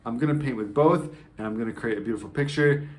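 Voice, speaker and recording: A man's voice: mid-range voice, quick pace, slight background noise. A man teaching a sales masterclass, explaining ideas step by step and often checking in with "right?" and "okay?", acting out tones of voice in his examples. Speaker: sales coach.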